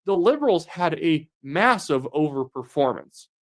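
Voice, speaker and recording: A man's voice: a little high, very animated. A young man giving solo political commentary in a combative, sarcastic manner. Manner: sarcastic, combative, rapid reactions.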